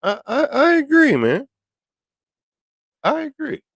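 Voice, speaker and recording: Lively stammering male podcast host. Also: slow pace, creaky, no echo, clean studio sound. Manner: stammering restarts, lively pitch swings. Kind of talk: casual commentary.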